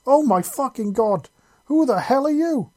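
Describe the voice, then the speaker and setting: A man voicing a skinny, scraggly male raider who talks fast and yelps in panic. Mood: panicked. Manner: fast, nervous, high-pitched yelling.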